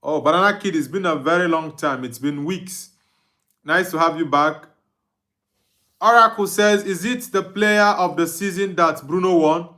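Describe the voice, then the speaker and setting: Bright-voiced Nigerian man streaming football. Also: on the high side. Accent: Nigerian Igbo English. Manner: reads viewer comments aloud and answers them, laughs often. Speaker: football watch-along streamer. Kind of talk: live stream chat reading.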